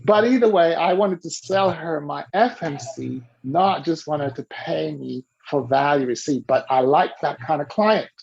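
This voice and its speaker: A man coaching a listener through an animated story, acting out the quoted dialogue with lively shifts in his voice. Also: fairly high pitch, measured pace, vocal fry, hardly any pauses. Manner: coaching tone, tells the listener to repeat key rules. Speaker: business coach. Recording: dull lo-fi recording.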